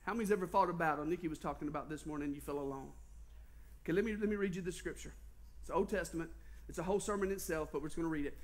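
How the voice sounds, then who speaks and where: A man's voice: a little high, rapid-fire. A male pastor with a Southern US accent, preaching a sermon, telling stories with animation and constantly asking the congregation questions. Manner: animated storytelling, quizzing the congregation.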